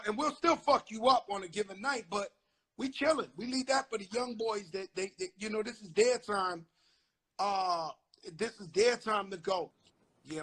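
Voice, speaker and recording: A husky, fairly high-pitched man with a New York accent tells street stories in a lively, profane way. He hosts a casual chat over a phone live stream, often acting out the voices he quotes. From the Bronx, New York. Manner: animated, swearing, acts out quotes loudly. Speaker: host. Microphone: phone on a live video stream.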